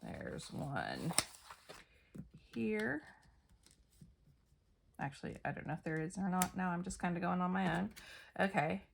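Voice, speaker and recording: A woman's voice: on the low side, very animated, a little slow, creaky, long pauses, slight background noise. A middle-aged woman chatting casually and laughing at herself as she talks through a scrapbook layout. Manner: chatty, self-deprecating, thinking aloud while working. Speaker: scrapbooking crafter. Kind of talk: casual craft process narration.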